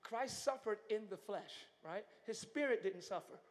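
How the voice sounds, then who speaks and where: A male pastor preaching a live sermon in a large church, moving from hushed talk to shouting. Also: high-pitched, expressive, measured pace. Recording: long church hall reverb.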